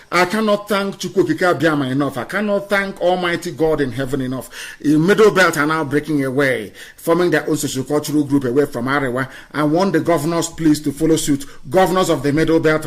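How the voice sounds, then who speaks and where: A man delivering an impassioned political radio address, scornful and fiery, swinging between loud outbursts and quiet asides. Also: fairly high pitch. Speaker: radio broadcaster.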